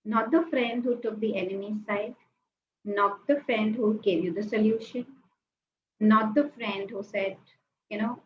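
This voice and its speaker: A woman giving a lively webinar talk, acting out quoted reactions and asking the audience to join in. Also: mid-range voice, a little slow. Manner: animated, acts out quoted reactions, asks the audience. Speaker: webinar speaker. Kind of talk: lively motivational talk with acted asides. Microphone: webinar call mic. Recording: slightly dull audio with faint noise.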